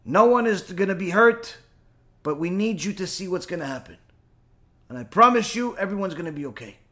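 Wise old rabbi giving calm orders to a scared crowd, guy doing it in his own bright voice. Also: high voice, fairly quick. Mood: commanding. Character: revered elderly male rabbi sage, calm and commanding.

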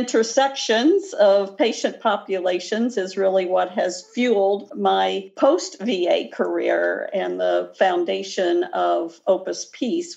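Gravelly Midwestern woman in her sixties. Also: mid-range voice, darkish tone, dull audio. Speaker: guest nurse practitioner. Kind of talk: podcast interview.

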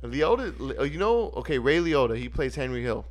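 Male podcast co-host, casual, rambling and profane, mid pitch. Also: big pitch swings, normal speed. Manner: rambling, swearing, acts out movie lines. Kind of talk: casual chat.

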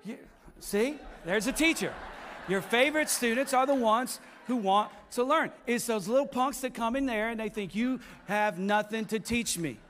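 A male pastor, preaching a sermon that swells into shouted build-ups and drops to quiet asides. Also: extremely high pitch, normal speed, a little hiss or hum.

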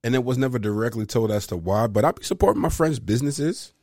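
A man co-hosting a casual podcast, tossing in quick jokes. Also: mid-range voice, animated, darkish tone, no echo. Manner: quick joking interjections. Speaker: podcast co-host. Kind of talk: casual chat.

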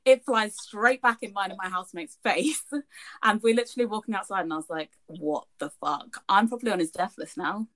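Animatedly recounting a story, a young woman co-hosting a casual podcast chatters on and swears a lot. Her mid-range voice moves fairly quickly.

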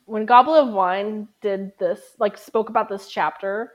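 A woman's voice: mid-range voice, unhurried. A woman co-hosting a podcast in a casual book discussion, quoting passages and chiming in with her own comments. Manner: chatty, quotes the book and cuts in with comments. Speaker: podcast co-host.

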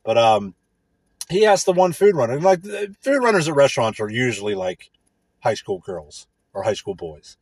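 Husky man ranting crudely. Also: mid-range voice, sing-song, moderate pace, darkish tone, no echo. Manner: crude, rambling, sarcastic. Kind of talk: casual profane rant.

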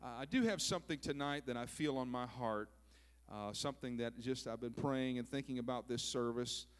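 A man's voice: mid-range voice, a little fast, clear, resonant tone. A pastor from southern Minnesota preaching a folksy, joking sermon that he peppers with "praise God" and "amen.".

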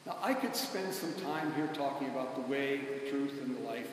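A man's voice: mid-range voice, normal speed, few pauses, a little hiss or hum. A man preaching a sermon in a conversational, emphatic way, calling on the congregation to answer him. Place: church. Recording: echoey church hall, mic at a distance.

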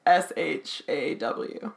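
A woman's voice: low voice, extremely slow, creaky. A young woman co-hosting a podcast, chatting casually and rambling with frequent giggles. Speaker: podcast co-host. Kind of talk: casual chat.

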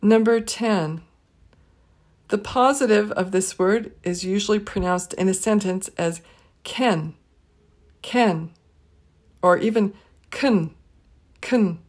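A woman runs a pronunciation drill at a very unhurried pace. She says each word twice with careful clarity. She keeps her voice at a middle pitch. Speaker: pronunciation teacher.

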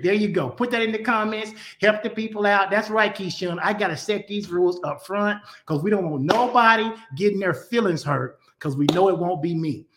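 A middle-aged man pastoring through a casual live stream, his voice pitched a little above the usual male range. He jokes and teases, greeting people by name. It sounds like a phone or webcam stream from home. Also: a bit bright. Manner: playful, teasing, greets viewers by name. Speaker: pastor hosting a weekly live talk.

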